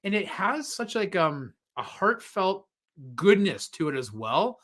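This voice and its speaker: Man, 40s, from Canada, podcast co-host; high, bright voice, animated retelling. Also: unhurried. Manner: animated, laughing while retelling scenes. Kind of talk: casual chat.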